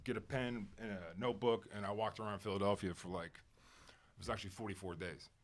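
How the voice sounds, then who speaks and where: A man speaking candidly as a podcast guest, emphatic and animated at times, then quiet and reflective, swearing casually and using plenty of fillers. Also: fairly low pitch, a little fast. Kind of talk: candid conversational interview.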